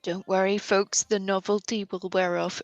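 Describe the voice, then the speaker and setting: A soft-spoken woman, speaking modestly as a guest on a live panel. Her voice sits at a middle pitch and is recorded dry and close. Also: little pitch movement, moderate pace, dry recording, highs cut off. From Ireland.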